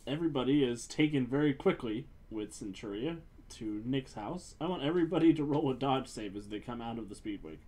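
A man's voice: medium pitch, animated, fairly quick, few pauses, dark tone. Laughing man running a tabletop game. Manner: laughs often, playful narration. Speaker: game master.

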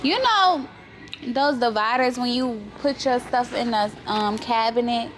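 Venting in a chatty, profane way, a young woman records a casual vlog first in her car and then inside a big home decor store. She speaks at a measured pace in a fairly high, fairly bright voice. Traffic and store noise fill the rough phone recording.

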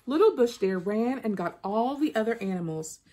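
Reading a children's picture book out loud, this woman uses an expressive storytelling style. Her voice is a little high and her pace moderate.

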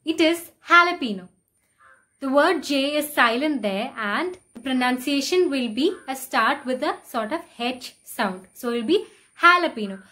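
Woman, pronunciation lesson, slightly high pitch, slow careful repetition of words. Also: fairly bright tone. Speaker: pronunciation teacher. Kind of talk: explaining and modeling word pronunciations.

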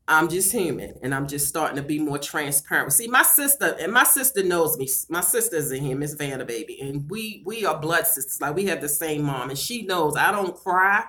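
Low-voiced woman, tearful live vlogger. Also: lively intonation, fairly quick, hardly any pauses, bright, forceful tone. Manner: blunt, cusses freely, calls viewers "y'all" and "girl". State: tearful, voice breaking. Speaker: vlogger reading live chat. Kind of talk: emotional casual live-stream chat.

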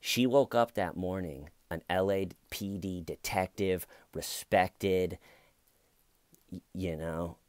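A man with a deep, low voice giving casual, sarcastic true crime commentary. He rambles and mocks as he goes. The sound is dry and close, with no room echo. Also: clear, resonant tone.

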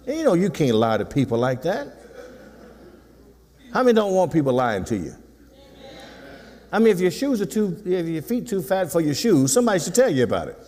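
A man's voice: on the high side, big pitch swings, fairly quick, pauses often, a little mellow. A pastor in his sixties preaching a sermon in a folksy, teasing way, calling for responses from the congregation. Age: 60s. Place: church sanctuary. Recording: long hall reverb.

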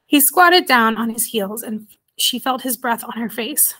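A woman narrating a children's storybook in a gentle, measured way. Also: on the high side, animated. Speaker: audiobook reader.

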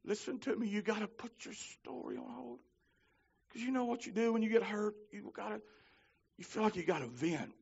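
A man preaching a holiness sermon, telling stories with fervor and swinging from shouts to low pleading. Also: normal speed, gravelly, slightly rough, lo-fi sound. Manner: fervent, climbs to shouting then drops low. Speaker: minister.

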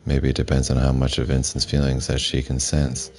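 A man streaming a video game, reading the dialogue aloud in a flat voice and adding his own casual asides. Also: rumbling low, fairly quick. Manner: reads the subtitles aloud flatly, with asides.

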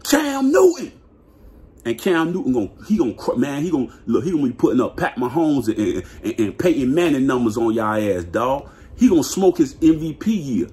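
A man vlogging a hyped, slangy football rant, laughing and repeating himself in his excitement. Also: mid-range voice, brisk, hardly any pauses. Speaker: sports vlogger.

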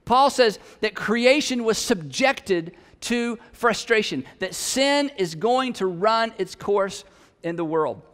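A man's voice: sits high, animated, slow pace, a bit bright, big-room sound. A man preaching a sermon in a conversational, humorous way, with emphatic peaks. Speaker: pastor.

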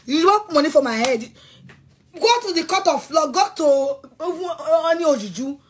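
A woman's voice: high voice, lively intonation, normal speed, crowd noise. A woman with a Nigerian accent delivering a heated, threatening rant, repeating herself often. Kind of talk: angry rant to camera.

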